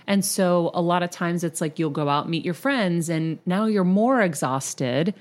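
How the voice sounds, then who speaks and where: A woman's voice: fairly low pitch, measured pace. A middle-aged woman hosting a podcast, talking candidly and telling stories in a casual chat. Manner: candid, animated storytelling. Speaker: podcast host.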